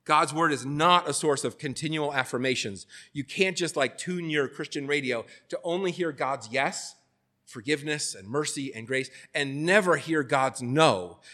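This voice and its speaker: A man's voice: fairly high pitch, moderate pace, sharp tone. A man giving a casual, conversational sermon, full of fillers and restarts, who now and then acts out the voices he quotes. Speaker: preacher.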